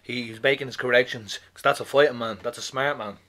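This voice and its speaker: A man co-hosting a podcast in casual chat, animated and swearing, often asking "you know what I mean". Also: medium pitch, fast. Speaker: podcast co-host.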